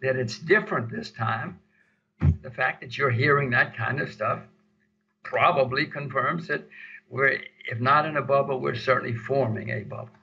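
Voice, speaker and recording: A man's voice: medium pitch, moderate pace, vocal fry, pushed and bright. An older man answering interview questions emphatically, repeating words for stress, on dull lo-fi audio. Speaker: interview guest.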